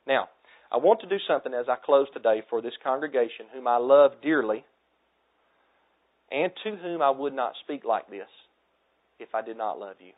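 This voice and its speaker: Earnest thirties preacher, tinny lo-fi audio. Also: male voice, medium pitch, lively intonation, normal speed, long pauses. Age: 30s. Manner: earnest, exhorting preacher, drops to soft tones for emphasis. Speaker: pastor. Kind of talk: sermon.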